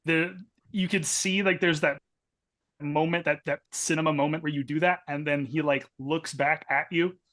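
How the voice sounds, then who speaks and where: A man playing a tabletop game, joking and animated as he describes his character. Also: on the high side, moderate pace. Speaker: tabletop player. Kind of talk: casual tabletop role-play.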